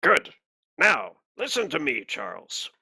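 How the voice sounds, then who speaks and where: A man's voice: a little high, wildly swooping pitch, takes it slowly, gravelly, bright, forceful tone, husky, no room sound, studio quality, voice pushed up, heavily acted. A man voicing an impatient, haughty male arbitrator official who barks orders over a comm line. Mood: imperious. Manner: barking, imperious.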